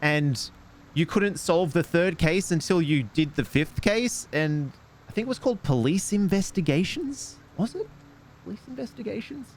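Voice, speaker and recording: A man's voice: on the high side, animated, measured pace. A man streaming a mystery game, with casual, sarcastic, muttering commentary as he plays.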